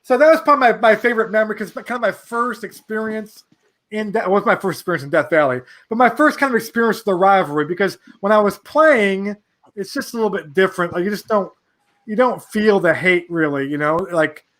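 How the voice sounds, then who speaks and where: A man in his forties from New York, a podcast guest telling a rambling, animated anecdote full of restarts. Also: high voice, brisk. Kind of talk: casual storytelling.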